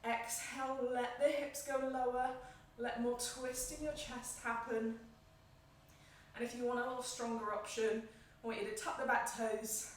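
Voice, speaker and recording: Breathy high-voiced yoga teacher, echoey room. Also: female voice, normal speed, slight background noise. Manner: calm, encouraging cues paced with the breath. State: slightly out of breath. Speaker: yoga instructor. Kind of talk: guided yoga class instruction. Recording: echoey room, mic at a distance.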